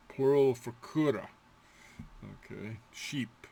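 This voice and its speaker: A man's voice: mid-range voice, animated, slow pace, gravelly, dark tone, slightly rough. A man giving a casual language lesson, playfully imitating animal sounds and laughing between them. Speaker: Gaelic teacher.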